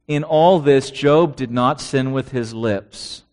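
A man's voice: medium pitch, slow pace, few pauses, darkish tone. A man preaching a sermon who reads out scripture verses and asks his listeners rhetorical questions.

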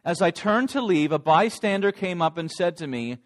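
A man's voice: high-pitched, lively intonation, moderate pace. A man voicing a remorseful adult male disciple, telling of his denial in a dramatic first-person monologue.

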